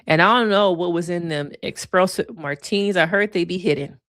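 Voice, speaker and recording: Chatty, frank woman, low and dry. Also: fairly quick, a bit bright, no echo. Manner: frank, chatty, laughs often, slangy. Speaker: therapist reviewing reality TV. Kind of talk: casual livestream commentary.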